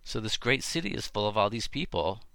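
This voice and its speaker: A man with a low, gravelly voice hosts a casual podcast, thinking aloud with plenty of fillers and restarts. The recording is dry and close, with no room sound. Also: animated, brisk, bright, forceful tone, no room sound. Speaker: podcast host. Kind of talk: casual talk on biblical texts.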